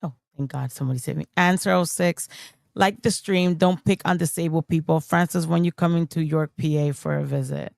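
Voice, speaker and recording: A woman's voice: deep voice, a little fast, vocal fry, darkish tone, no room sound. A woman streamer giving blunt, dismissive commentary on a livestream, full of fillers and restarts. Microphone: streaming mic on camera.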